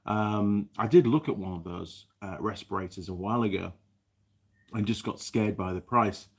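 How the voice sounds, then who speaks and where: A man's voice: lowish voice, moderate pace, breathy edge. A man hosting a casual live chat from his workshop, chatting and rambling with many restarts as he reads viewer comments. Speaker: live stream host, mechanic.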